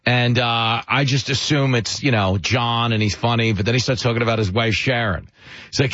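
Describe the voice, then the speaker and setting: A man's voice: medium pitch, normal speed, a bit bright, no room sound. A man hosting a talk radio show, telling stories and joking at his own expense. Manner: self-deprecating, joking storyteller. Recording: dry, muffled radio broadcast.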